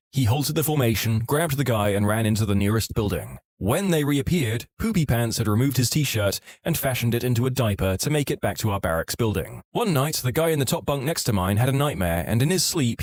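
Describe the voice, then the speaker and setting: A man narrating online stories in a wry, animated storytelling manner. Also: mid-range voice, dry recording, studio quality.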